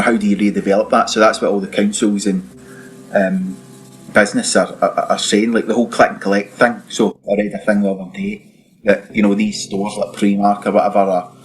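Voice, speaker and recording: A Scottish man, a property developer and podcast guest, explaining things in a casual, meandering, halting way. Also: fairly low pitch, poor audio.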